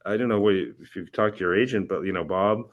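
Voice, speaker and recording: A man's voice: low voice, fast talker, dull audio. A man on a podcast making wry jokes in casual conversation. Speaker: guest writer.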